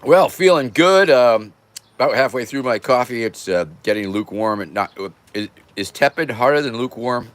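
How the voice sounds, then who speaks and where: An older man hosts a casual livestream from home near a porch, speaking at normal speed in an expressive, medium-pitched voice. He rambles loosely and irreverently while thanking viewers by name.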